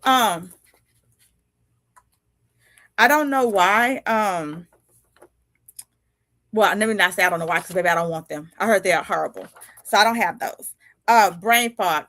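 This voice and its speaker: A woman's voice: medium pitch, a little slow, pauses often, fairly bright tone, dry recording. A woman in her fifties hosting a casual live video chat as a podcast host and coach. She talks animatedly, laughs often and acts out little dialogues. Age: 50s.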